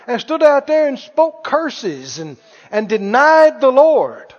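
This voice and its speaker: A man preaches with a very high, lively voice, acting out Bible dialogue and chuckling as he goes. The sound is dull and rings with long reverb in a large hall. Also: slow pace. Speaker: pastor. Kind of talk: sermon.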